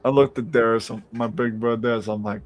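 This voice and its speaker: A man hosting a live-streamed podcast, telling a story in a casual, animated way, swearing freely and acting out the voices of the people in it. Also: medium pitch, quick pace, a little hiss or hum. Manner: animated, profane, acts out quoted voices. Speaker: podcast host.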